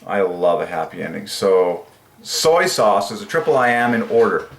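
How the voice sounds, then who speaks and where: A man talks slowly to his own channel, thinking aloud with enthusiasm and turning words over again and again. His voice sits low but now and then jumps up into a sing-song tone. The room around him is echoey. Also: animated. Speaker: channel host. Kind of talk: casual solo commentary on word numerology.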